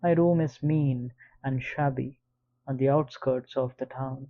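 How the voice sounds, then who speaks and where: A man reading an audiobook in the first person, with a measured, even delivery. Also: medium pitch. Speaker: audiobook narrator. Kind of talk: scripted audiobook narration. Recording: slightly dull lo-fi recording.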